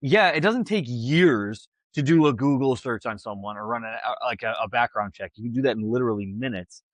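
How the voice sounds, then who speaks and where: A man's voice: medium pitch, fairly quick, no echo. A man co-hosting a podcast, arguing his view in a casual debate, hesitant and full of restarts. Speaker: podcast co-host.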